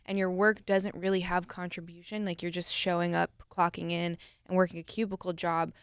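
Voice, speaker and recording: Woman on a podcast laying out her take, smooth clear voice, dry close mic. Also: fairly low pitch, little pitch movement, brisk, no room sound. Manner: opinionated, making her case point by point. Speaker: podcast co-host. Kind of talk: casual podcast chat.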